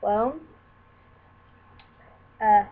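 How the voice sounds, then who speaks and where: A woman's voice: medium pitch, drawn-out words. A young woman tells a personal story to camera in a candid, rambling way, acting out what others said. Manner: candid, rambling, acts out quoted dialogue. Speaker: vlogger. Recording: tinny lo-fi sound with faint hiss.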